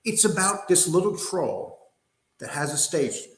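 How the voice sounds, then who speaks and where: A man's voice: fairly high pitch, very animated, a little slow. An older man hosting a livestream, ranting angrily in a profane, combative, mocking way. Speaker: host. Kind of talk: angry livestream rant. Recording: roomy echo.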